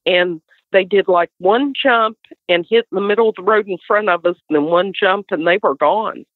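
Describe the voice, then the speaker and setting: A middle-aged woman with a West Virginian accent, telling a story as an animated guest. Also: medium pitch, normal speed, dry recording. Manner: animated storyteller, acts out others' voices. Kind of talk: casual storytelling. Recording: tinny dry phone line.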